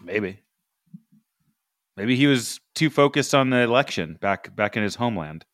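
A man's voice: medium pitch, lively intonation, normal speed, a bit bright, no echo, clean studio sound. A man hosting a comedy sports podcast, steering the show in a laid-back, wry manner. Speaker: podcast host.

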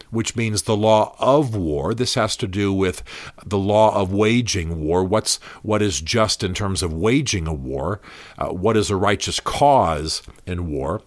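A man with a fairly low voice talks through his podcast in an earnest, emphatic way. He repeats his key points and now and then restarts a phrase. The sound is dry and close, with no room echo. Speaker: podcast host. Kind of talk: explanatory podcast monologue. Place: Washington, D.C.

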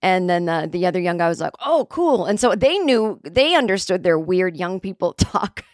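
A woman's voice: on the low side, animated, moderate pace, no echo, clean studio sound. A woman in her forties telling a casual, rambling anecdote. She mocks herself and swears freely. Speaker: comedic storyteller.

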